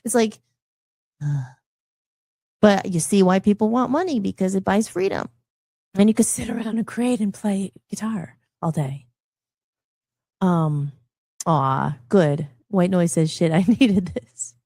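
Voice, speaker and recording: A middle-aged woman musician hosting a live radio talk show, rambling and animated, often restarting her sentences. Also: medium pitch, slow pace, long pauses, no echo, clean studio sound. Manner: animated, rambling, frequent restarts and self-interruptions.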